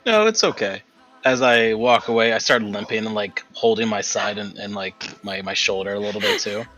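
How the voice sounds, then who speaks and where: Male player, mid pitch, bright edge, dry teasing banter. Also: little pitch movement, normal speed, faint music behind. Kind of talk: tabletop role-play chat.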